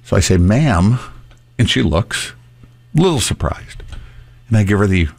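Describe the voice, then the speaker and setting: A man's voice: on the low side, normal speed, creaky. A man in casual chat, telling an anecdote and acting out what he said. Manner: animated anecdote teller acting out his own lines.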